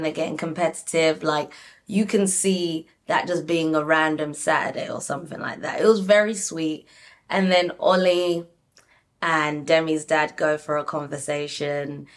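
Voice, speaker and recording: A young woman casually reviewing a reality show, animated and talking straight to her viewers with lots of "like". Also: lowish voice. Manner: animated, frequent "like", addresses viewers. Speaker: reality TV recap YouTuber.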